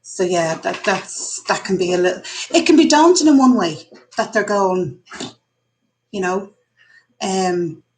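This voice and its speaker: A woman's voice: medium pitch, animated, measured pace, long pauses, a little mellow, slight background noise, poor audio. An Irish woman in her forties hosting a casual live stream from her kitchen, candid and chatty as she thinks aloud. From Ireland. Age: 40s. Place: home kitchen. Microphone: computer mic.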